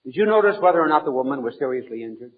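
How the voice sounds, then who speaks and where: A man playing an impatient male prosecuting attorney who fires off quick, pressing questions in an old, narrow-sounding archival recording. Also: mid-range voice, lively intonation, natural voice.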